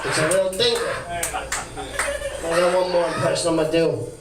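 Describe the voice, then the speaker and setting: Brief: brash, fairly high-voiced man doing a crude stand-up persona on a club stage, mic distant, echoey and noisy. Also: steady tone, moderate pace. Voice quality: brash, crude, mumbling asides. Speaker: stand-up comic. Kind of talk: stand-up set in a brash lounge-act persona. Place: comedy club stage, live. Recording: echoey room heard from far off.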